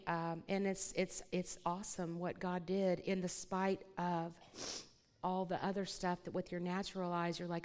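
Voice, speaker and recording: A woman telling a personal faith testimony, animated and quick to laugh, talking straight to the listeners. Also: mid-range voice. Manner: animated storyteller who laughs often and addresses listeners as y'all. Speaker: guest speaker sharing a testimony. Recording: long hall reverb.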